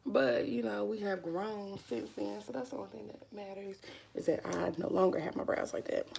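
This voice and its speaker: A woman's voice: mid-range voice, normal speed, gravelly, darkish tone, a little hiss or hum. A young woman, chatting casually to viewers while doing her makeup, calling them honey and y'all. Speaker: vlogger. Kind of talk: casual makeup vlog chat.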